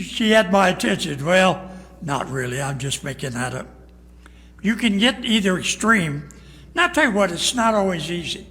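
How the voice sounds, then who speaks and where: A high-pitched older male pastor delivers a storytelling sermon in a plain, folksy way, slipping into the voices of the people in his stories. His words ring out with a long reverb from the church sanctuary around him. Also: fairly bright tone. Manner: folksy, plain-spoken, acts out dialogue in stories.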